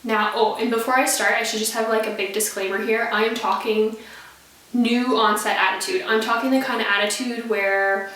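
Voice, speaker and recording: A woman in her thirties casually talking about parenting to the camera, chatty and laughing often, getting lively when she quotes her kids. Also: a little high, moderate pace. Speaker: parenting vlogger. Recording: echoey room, a little far from the mic.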